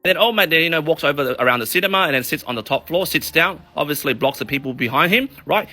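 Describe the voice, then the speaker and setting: A man delivers a loose, comedic rant straight to camera. His voice sits high and bright, and he tells his story with lots of swearing and animated asides. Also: quick pace, few pauses. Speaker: mortgage broker and vlogger. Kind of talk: comedic ranting monologue.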